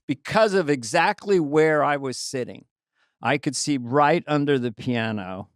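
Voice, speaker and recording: A man co-hosting a podcast in casual comedic chat, playful and quick to slip into impressions. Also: fairly high pitch, no echo, studio quality. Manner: playful, slips into sung bits and impressions. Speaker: podcast co-host.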